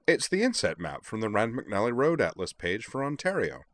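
A man's voice: big pitch swings, moderate pace, a bit bright, dry recording. A man voicing a fussy, breezy, evasive chatterbox with a chipper, clipped way of talking. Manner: chipper, clipped, rising pitch.

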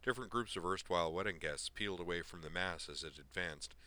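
A man narrating a story at a steady, even pace in audiobook style. His voice is deep yet bright and forceful. The delivery is plain storytelling. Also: fast.

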